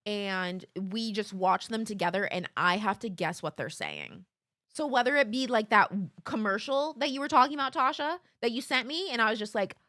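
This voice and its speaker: A woman's voice: mid-range voice, no echo. A young woman chats to her live stream audience in a loose, giggly ramble. Her voice swings widely up and down, and it sounds close and dry at a desk mic. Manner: rambling and giggly, with sudden excited outbursts. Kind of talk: casual chat to a live audience.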